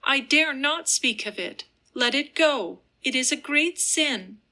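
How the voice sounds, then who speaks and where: A woman reading as a wistful young noblewoman, earnest, gentle pleading tone, slow, bright. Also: high-pitched, lively intonation, pitched above the performer's own voice, heavily acted. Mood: fearful.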